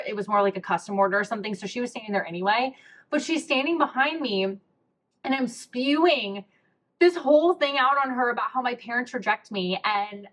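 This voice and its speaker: A young woman with a slightly high, fairly bright voice hosts a podcast, telling a personal story in a casual, candid, chatty way. She swears freely and says "like" a lot.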